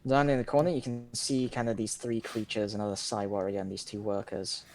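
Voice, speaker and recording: A man narrating as game master of a tabletop game, relaxed and loose in his descriptions. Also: fairly low pitch, fairly quick.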